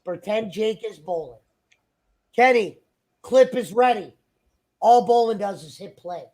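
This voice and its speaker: A man's voice: sits high, measured pace, mellow. A man chatting on a livestream in a rambling, argumentative, profane way. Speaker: stream guest. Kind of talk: casual livestream chat.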